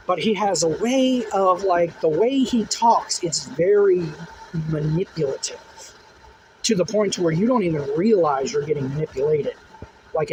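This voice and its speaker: A man's voice: sits high, normal speed. Rambling man recounting a dream, noisy background. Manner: rambling, full of "like" and "uh" fillers. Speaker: dream testimony teller. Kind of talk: casual first-person storytelling. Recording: steady noise behind, passing vehicles.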